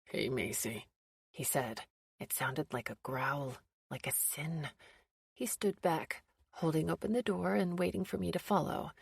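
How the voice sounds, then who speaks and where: Audiobook narrator, woman, low and gravelly, measured and intimate, dry close sound. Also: no echo. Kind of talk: scripted first-person audiobook narration.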